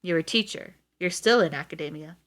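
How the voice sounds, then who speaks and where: A woman's voice: low voice, a little fast, fairly bright tone. A woman reading aloud as a poised middle-aged female official who speaks in a cool, direct way. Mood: cool, businesslike.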